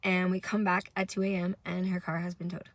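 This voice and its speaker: A tired young woman with a slightly low voice rambles through a candid, profane story in a casual vlog. The sound is dry and close, with no room echo. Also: flat delivery, brisk. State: tired from little sleep. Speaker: vlogger.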